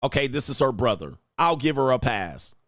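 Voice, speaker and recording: A man's voice: mid-range voice, sing-song, moderate pace, a bit bright, no echo, studio quality. A man hosting a crude, mocking reaction commentary, laughing and sneering at the clips he reads out. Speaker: host reacting to online clips.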